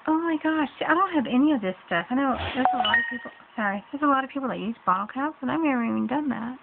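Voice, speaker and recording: A woman's voice: high-pitched, animated, fast talker, creaky. A middle-aged woman chatting casually in her home hallway as she opens a craft swap package, gushing and exclaiming over each item. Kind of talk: casual unboxing chat. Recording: tinny lo-fi audio with hiss.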